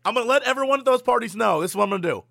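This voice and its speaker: A man co-hosting a casual chat, joking in an animated way, with a sore throat. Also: very high-pitched, very fast, creaky, no room sound, studio quality. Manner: animated, jokey, goofy asides. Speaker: podcast co-host.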